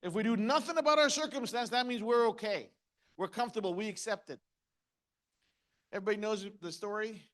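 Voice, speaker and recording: A middle-aged man speaking at a motivational seminar. His voice sits a little high, and he talks in short, punchy lines. He keeps asking the audience questions and tells stories to make his point. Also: a bit bright.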